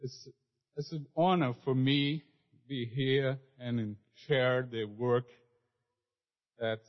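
A man from Brazil whose first language is Portuguese, speaking at church in halting, simple English with a Brazilian accent. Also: mid-range voice, steady tone. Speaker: preaching school president, guest speaker. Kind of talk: church talk. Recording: echoey church hall, dull lo-fi sound.

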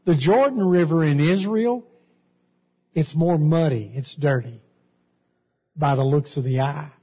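A man's voice: on the high side, measured pace, husky. A man voicing a proud, indignant military commander who complains that he has been slighted. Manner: complaining, offended. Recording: dull, echoey hall.

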